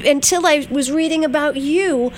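A woman's voice: sits high, normal speed, a little hiss or hum. A woman hosting an interview, asking curious questions and chiming in with short agreeing replies. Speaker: interview host.

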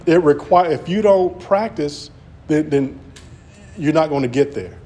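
A man's voice: fairly high pitch, unhurried, dark tone. Earnest man preaching a sermon. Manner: earnest, repetitive, stammering restarts.

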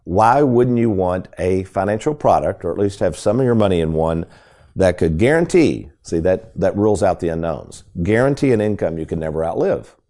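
A low, dark male voice carries this talk radio segment. He speaks with emphatic, folksy energy, turning often to the listeners at home. His tone stays mellow even when he presses a point. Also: normal speed. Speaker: financial radio show host.

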